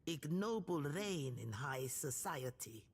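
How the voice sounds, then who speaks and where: A woman's voice: deep voice, animated, takes it slowly, breathy edge, heavily acted. An actress voicing a cold, scheming noblewoman in a video game, speaking in a clipped, commanding way. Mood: icy, commanding.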